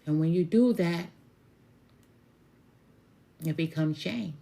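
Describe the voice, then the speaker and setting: A woman's voice: on the low side, slow, creaky, warm tone. A middle-aged woman tarot reader chatting casually and bluntly with viewers, with laughing asides. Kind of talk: casual spiritual chat to viewers.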